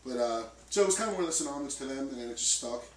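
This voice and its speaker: In a relaxed interview, a man from a band talks rapid-fire in a medium-pitched voice with lively intonation, rambling and restarting with plenty of fillers. It's captured on a distant mic in a roomy space, faint noise underneath.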